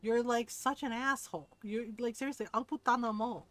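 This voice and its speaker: A woman's voice: fairly high pitch, a little fast. Chatty, swearing woman game streamer. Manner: animated gossipy storytelling, swears freely. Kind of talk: casual live-stream chat.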